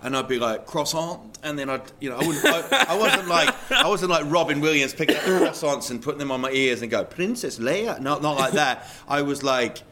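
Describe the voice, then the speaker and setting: A man's voice: mid-range voice, animated, fairly quick, few pauses, pushed and bright, a little hiss or hum. A man hosting a podcast, chatting casually and bantering with his guest, often slipping into voices as he tells stories. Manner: bantering, jokey, slips into quoted voices. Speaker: podcast host; comedian. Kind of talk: casual interview chat.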